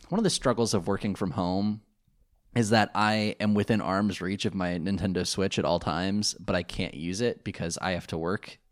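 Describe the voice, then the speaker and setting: A man co-hosting a casual podcast, rambling with lots of fillers and restarts. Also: lowish voice. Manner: rambling, many fillers and restarts, laughs easily. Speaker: podcast co-host. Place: home.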